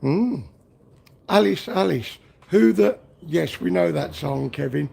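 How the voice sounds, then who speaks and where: Here a Liverpool host streams from his garage workshop, bantering with chat and singing snatches of tunes. His high-ish voice swings widely in pitch and is gravelly, husky and a little mellow, and his pace is slow.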